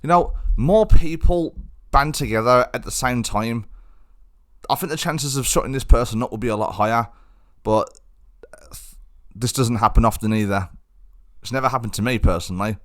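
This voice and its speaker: A young man talks alone on his podcast at a mid pitch. He rambles with frustration, circling back and restarting his sentences as he vents. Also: normal speed, a bit bright. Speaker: podcast host. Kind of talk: solo podcast monologue.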